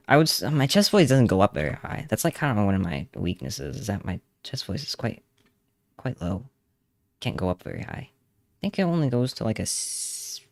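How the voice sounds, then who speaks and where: A man's voice: lowish voice, vocal fry, no room sound. A young man streaming, chatting casually and rambling with laughs while he draws. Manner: rambling, laughing, hums along to songs. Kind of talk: casual livestream chat while drawing.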